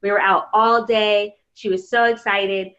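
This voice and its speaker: A woman's voice: mid-range voice, flat delivery, a little slow, fairly bright tone. A woman in her thirties hosts a conversational interview. She talks openly and personally, with plenty of ums. Her mid-range voice comes through a little dull and lo-fi. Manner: candid, personal storytelling with fillers. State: pregnant. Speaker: podcast host. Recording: slightly dull lo-fi sound.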